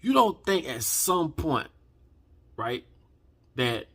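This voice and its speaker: Husky man ranting, heated and profane. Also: medium pitch, very animated, takes it slowly, pauses often. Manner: heated, profane, preachy, swings from quiet to shouting. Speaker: channel host. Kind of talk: impassioned rant to camera.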